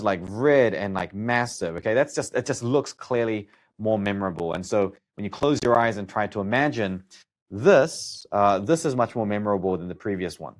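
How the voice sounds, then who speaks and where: A man's voice: fairly low pitch, fairly quick. A man going through students' study notes and explaining them in a casual, thinking-aloud way. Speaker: study coach.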